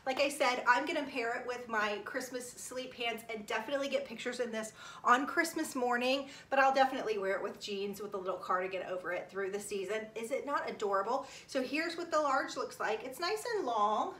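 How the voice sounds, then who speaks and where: A woman in her forties chatting enthusiastically at home for her vlog, reviewing clothes she bought, often talking softly. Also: fairly high pitch, brisk. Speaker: lifestyle vlogger. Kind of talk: casual product review vlog.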